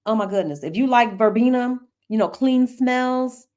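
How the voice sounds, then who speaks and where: A middle-aged woman from the United States hosting a casual live-stream Q&A. She is chatty and animated, laughs often and talks straight to her viewers. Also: a little high, moderate pace. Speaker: host answering viewer questions.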